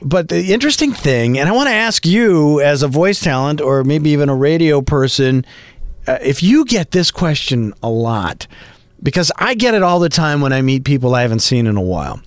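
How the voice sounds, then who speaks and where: A middle-aged male podcast host who rambles along in a lively, up-and-down voice that sits a touch high. The sound is dry and close, with no room around it. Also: moderate pace, dry recording. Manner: chatty, rambling, animated. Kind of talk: casual podcast monologue.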